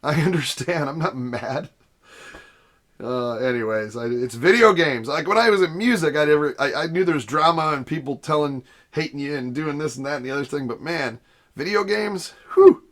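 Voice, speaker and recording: Rambling man with a higher voice. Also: fairly bright tone. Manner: rambling, self-interrupting, laughs often. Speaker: gaming channel host. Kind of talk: casual rambling vlog. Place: home basement studio room. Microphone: desk camera setup.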